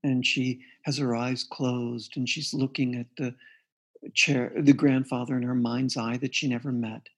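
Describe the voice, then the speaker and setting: A man's voice: medium pitch, little pitch movement, measured pace, breathy edge. A man being interviewed as a guest therapist, earnestly recounting a client's case and quoting the dialogue. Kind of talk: interview storytelling.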